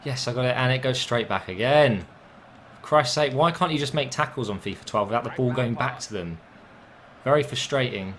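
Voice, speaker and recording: A young man commentating on his own football video game match, casual and chatty, with swearing and sudden excited outbursts. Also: medium pitch, fairly quick. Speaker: gaming commentator.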